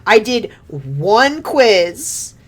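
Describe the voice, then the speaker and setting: Young woman, game streamer, giggly, rambling, casual swearing, unhurried, animated pitch. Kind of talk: casual gameplay commentary.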